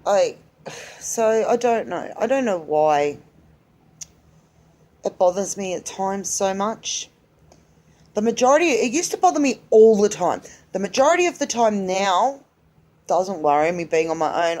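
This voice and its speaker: In a solo vlog, a woman in her forties chats to the camera with an animated, darkish, medium-pitched voice at a measured pace with long pauses. Her talk is loose and rambling; she stops mid-thought, restarts, and speaks candidly with an easy lilt.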